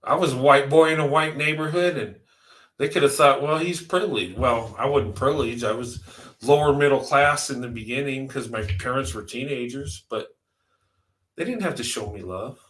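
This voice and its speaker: A man's voice: mid-range voice, normal speed, a bit bright, reverberant. A man in his fifties giving a heartfelt vlog monologue, earnest and emphatic, building his points through repetition. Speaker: vlogger.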